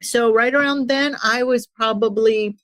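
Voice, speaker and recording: A woman's voice: a little high, measured pace, no room sound. Earnest woman coach, dry close sound. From immigrant to the United States. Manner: earnest, animated when retelling stories. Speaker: executive coach, guest. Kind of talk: podcast interview, storytelling.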